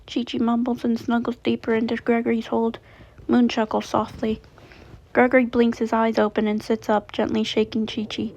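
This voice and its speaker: A woman reads a story aloud in a plain way, correcting small slips as she goes. Her voice is slightly high and gravelly. The recording sounds dull and lo-fi. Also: flat delivery, moderate pace, a little mellow. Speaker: fanfiction reader.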